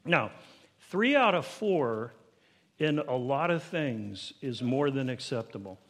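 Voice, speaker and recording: A man preaching a sermon to his congregation, building to emphatic, higher-pitched peaks and asking them questions directly. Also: very animated, slow, fairly bright tone. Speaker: pastor.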